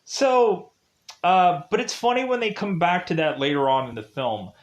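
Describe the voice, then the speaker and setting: A man's voice: high voice, normal speed, dull audio. A man giving a casual, rambling film review, full of "like" and "uh". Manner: rambling, heavy use of "like" and "uh".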